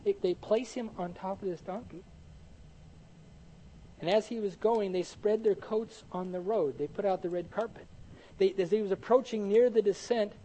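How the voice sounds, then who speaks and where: High-voiced male preacher, animated. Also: slight background noise, low-quality recording. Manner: animated, full of rhetorical questions. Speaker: pastor. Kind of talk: sermon.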